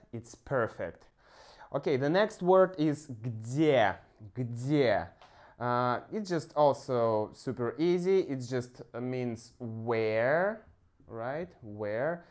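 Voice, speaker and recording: A man, a teaching pronunciation in English, explaining slowly with frequent "uh" pauses. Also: mid-range voice. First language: Russian. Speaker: language teacher.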